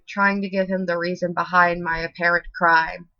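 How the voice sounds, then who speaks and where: A woman reading a horror story as scripted narration in a steady, expressive way, in a slightly muffled dry recording. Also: fairly low pitch, normal speed, few pauses, no room sound.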